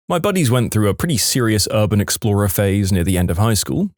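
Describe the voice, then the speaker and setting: A man's voice: on the low side, darkish tone, no room sound, studio quality. A man narrating reader-submitted stories in a dramatic storytelling manner, with wry asides. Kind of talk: scripted narration of reddit stories.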